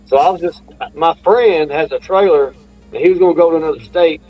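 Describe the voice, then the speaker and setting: A relaxed man with a slightly raised voice chats easily and agrees a lot. He drawls through his story. Faint music plays under him. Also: on the high side, brisk, poor audio. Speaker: caller. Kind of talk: casual phone-in chat.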